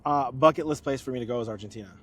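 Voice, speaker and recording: A man's voice: mid-range voice, racing, fairly bright tone, a little hiss or hum. A man hosting a podcast in casual chat, joking and laughing a lot. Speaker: podcast host.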